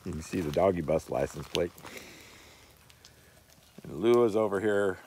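A man's voice: low-pitched, normal speed, mellow, slight background noise. A man vlogging outdoors in melting snow, talking to his dogs in affectionate baby talk and laughing often. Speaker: vlogger, dog owner.

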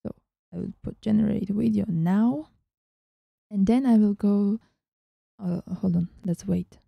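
A woman hosting a casual software tutorial, chatting as she works and often dropping into a whisper. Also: medium pitch, unhurried, gravelly, no echo, muffled recording. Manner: chatty, thinking aloud, often drops to a whisper. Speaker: tutorial host.

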